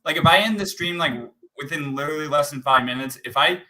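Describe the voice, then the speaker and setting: A man's voice: fairly high pitch, quick pace, a loud crowd, low-quality recording. A man hosting a livestream panel, talking casually and rambling with many restarts. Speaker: livestream host.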